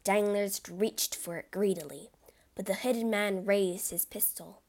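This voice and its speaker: A woman's voice: mid-range voice, unhurried, creaky, darkish tone. A woman reading a classic adventure story aloud as narrator, with a dramatic delivery.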